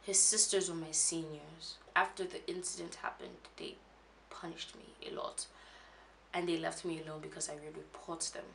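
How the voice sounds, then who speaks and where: A young woman telling a painful personal story, halting, with many restarts and fillers, audibly shaken as she recalls it. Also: deep voice, gravelly, fairly bright tone, a little hiss or hum. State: emotional, shaken when recalling. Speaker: vlogger.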